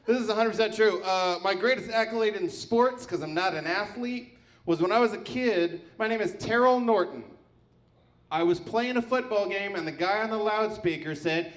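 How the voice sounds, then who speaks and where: Male comedian, slightly high voice, deadpan stand-up, echoey room. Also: brisk.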